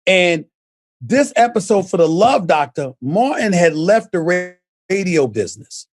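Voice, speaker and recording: A man with a very high-pitched voice tells a story on a sports talk show with excitable energy. He stammers and doubles his words as he picks up steam. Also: unhurried, dry recording, studio quality.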